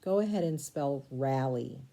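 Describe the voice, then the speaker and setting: A woman teaching a recorded spelling lesson, sounding out syllables slowly and spelling words letter by letter. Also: extremely low pitch, expressive, vocal fry, dark tone.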